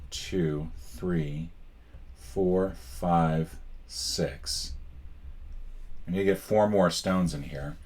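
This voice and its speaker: A man's voice: low-pitched, a little mellow, breathy edge. A man playing a solo board game and commenting as he goes, wry and self-mocking, thinking aloud and counting out spaces. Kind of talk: casual playthrough commentary.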